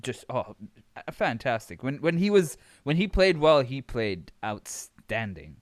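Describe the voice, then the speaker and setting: A man's voice: mid-range voice, a little slow, dry recording, clean studio sound. A young man from Abu Dhabi telling a story in casual chat, swearing freely and often laughing as he talks. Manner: animated, swearing, laughs while telling stories.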